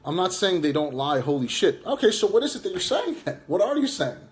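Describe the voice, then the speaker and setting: A man's voice: high voice, very animated, a little fast. A man livestreaming a combative rant, reading chat aloud and taunting viewers, swearing and jeering as he goes. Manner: swears and jeers.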